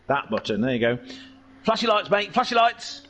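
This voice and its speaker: Excitable race commentator, lively pitch. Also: male voice, moderate pace, a little hiss or hum. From England. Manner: excitable, jokey, tangent-prone. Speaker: sim racing commentator. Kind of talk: live race commentary with rambling jokes.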